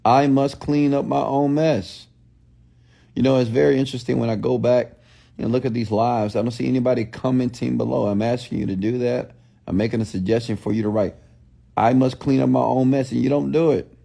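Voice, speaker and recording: Gravelly, mellow-voiced man preaching motivation. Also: mid-range voice, steady tone, quick pace. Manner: preachy, repetitive call-and-response questions; blunt, scolding. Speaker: motivational speaker. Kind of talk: motivational livestream talk.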